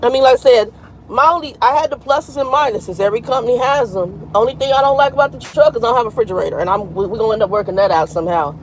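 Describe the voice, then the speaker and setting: Chatty trucker woman in her fifties, high-pitched, live-streaming from her cab with faint traffic hum. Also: very fast, poor audio. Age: 50s. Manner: chatty and frank, greets viewers by name. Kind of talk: casual live-stream chat.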